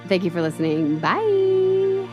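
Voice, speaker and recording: A woman's voice: sits low, fairly quick, lo-fi sound, over music. A woman co-hosting a casual podcast chat, talkative and laughing easily. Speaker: podcast co-host.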